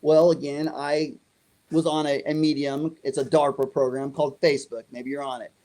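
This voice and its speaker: A man's voice: on the high side, moderate pace. A middle-aged man telling a story in an interview, acting out the other voices in it. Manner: animated, acts out dialogue. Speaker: guest.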